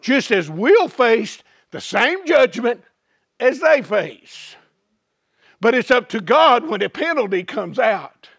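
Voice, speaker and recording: High-voiced gravelly male preacher. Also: big pitch swings, fairly bright tone, no room sound, studio quality. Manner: dramatic storytelling, slow drawn-out phrases dropping low. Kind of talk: sermon.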